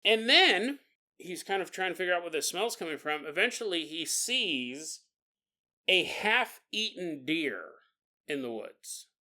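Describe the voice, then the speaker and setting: Casual podcast guy telling a spooky story, jokey, laughs a lot, kinda high bright voice. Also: lively intonation, measured pace. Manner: jokey, laughs often, gross-out asides. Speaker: podcast host.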